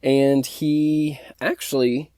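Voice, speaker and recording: A man co-hosting a podcast, talking in a tentative, unhurried way. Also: medium pitch, level tone, dark tone, dry recording, studio quality. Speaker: podcast co-host. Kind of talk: casual podcast chat.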